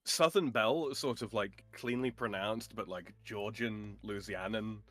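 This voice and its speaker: A man chatting casually on a stream, opinionated, with halting starts and chuckles. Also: fairly low pitch, a bit bright. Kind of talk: casual chat.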